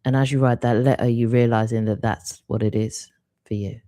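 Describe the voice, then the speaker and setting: A woman hosting a live stream, giving an intuitive card reading in a soft, reflective, unhurried way. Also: very deep voice, fairly even intonation, no room sound.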